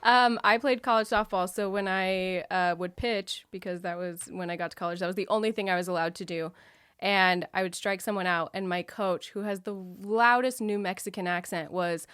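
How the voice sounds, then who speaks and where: A woman's voice: mid-range voice, steady tone, moderate pace, fairly bright tone, clean tone, no room sound. A young woman chatting as a podcast guest, telling stories and laughing often. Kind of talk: casual chat.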